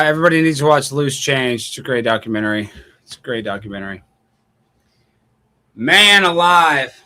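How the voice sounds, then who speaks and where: With a medium-pitched, clear, resonant voice, a man runs a late-night call-in live stream. He fields callers in a casual style, delivering animated, sarcastic rants and thinking aloud while he searches online.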